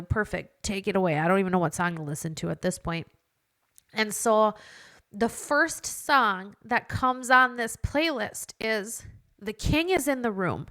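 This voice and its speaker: A woman hosting a podcast, telling a personal faith story in an animated, chatty way that turns emotional at times. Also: on the high side. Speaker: podcast host.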